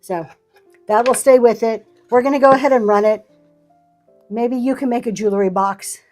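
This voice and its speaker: Woman, live-stream reseller, slightly high voice, casual running chatter over faint music. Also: steady tone, normal speed, darkish tone. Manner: chatty, thanks buyers by name. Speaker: live auction seller. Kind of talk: live selling stream chat.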